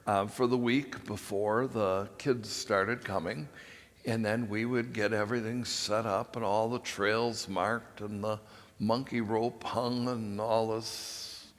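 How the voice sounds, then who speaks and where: An older man, a priest, giving a homily as a folksy, rambling personal story with frequent pauses. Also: on the low side. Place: large church. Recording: long church reverb.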